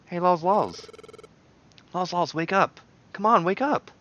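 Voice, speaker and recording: A man's voice: high-pitched, animated, takes it slowly, bright, forceful tone, lo-fi sound, slight background noise, voice pushed up, full character voice. A man voicing an eager young creature partner in a game, urging in a raised voice. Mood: urgent.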